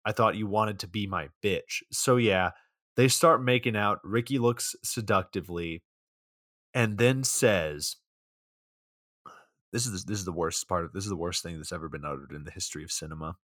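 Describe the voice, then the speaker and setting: A young man co-hosting a podcast, recapping a movie in a deadpan, sardonic way. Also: low-pitched, normal speed, long pauses, no echo, studio quality. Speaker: podcast co-host. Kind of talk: casual movie recap chat.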